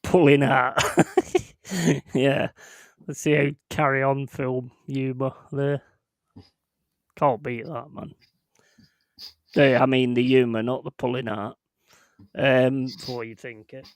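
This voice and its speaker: A young man with a gravelly, crackly edge hosts a casual stream and rambles through profane anecdotes, laughing as he goes. His voice sounds dry and close, with no room around it. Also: mid-range voice, flat delivery, slow, pauses often, no room sound. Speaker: streamer hosting a football watchalong. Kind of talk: casual chat.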